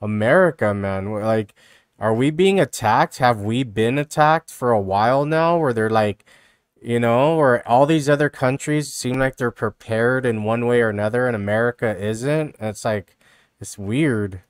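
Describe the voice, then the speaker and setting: A man's voice: mid-range voice, normal speed, clear, resonant tone, dry recording, studio quality. A man live-streaming casual reaction commentary, rambling and mocking, with lots of "you know" and "dude".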